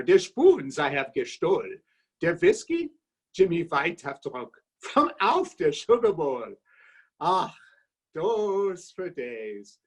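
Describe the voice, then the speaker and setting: A man's voice: a little high, full character voice, poor audio. A man reciting a rhymed comic toast in a put-on German accent, voicing a jolly, homesick exile in a hearty, sing-song way.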